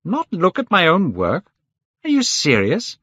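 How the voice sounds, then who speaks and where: A man voicing a gentle, devoted painter. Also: high-pitched, huge pitch swings, unhurried, husky, no echo, pitched above the performer's own voice, full character voice. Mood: coaxing. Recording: dull, dry lo-fi recording.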